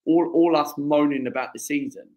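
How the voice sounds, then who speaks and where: A man co-hosting a casual live-stream chat, pushing his points by saying them again and again. His voice sits a little higher than usual for a man. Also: fairly even intonation, moderate pace, darkish tone. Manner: insistent, keeps repeating lines. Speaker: co-host.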